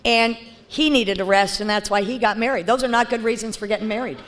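A woman's voice: a little high, fairly quick, a little hiss or hum. Candid woman sharing her recovery story. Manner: candid and blunt, with many fillers and restarts. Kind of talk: personal testimony talk.

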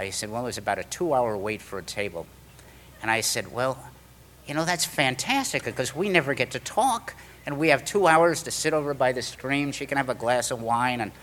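At a meeting, a middle-aged man tells a story from his recovery in a mid-range voice, with a slight hiss or hum present. He's an animated storyteller, acting out the voices of the people involved.

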